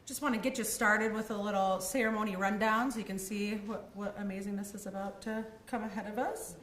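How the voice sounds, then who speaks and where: A woman's voice: medium pitch, fairly even intonation, fairly quick, a bit bright, a little hiss or hum. A woman hosting a ceremony, giving a formal, earnest welcome speech with frequent ums to an audience in an event room. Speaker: program manager hosting a ceremony. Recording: echoey room.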